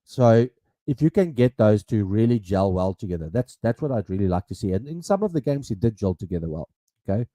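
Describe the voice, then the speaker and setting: A man's voice: fairly low pitch, big pitch swings, fairly quick, warm tone, dry recording. A man co-hosting a casual podcast, talking hesitantly with many fillers and restarts. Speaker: podcast co-host. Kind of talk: casual chat.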